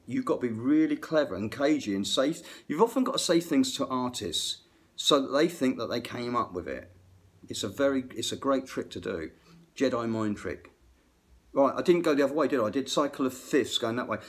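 A middle-aged man, a guitar tech, chatting to camera about music theory in a rambling, excitable way that often interrupts itself. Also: mid-range voice. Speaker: guitar tech and aspiring guitar teacher. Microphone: phone camera.

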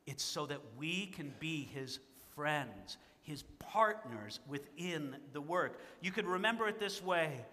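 A man's voice: fairly high pitch, lively intonation, slow, hardly any pauses, sharp tone. Earnest male pastor in a reverberant hall. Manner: earnest, pleading, rising to emphatic. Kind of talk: sermon.

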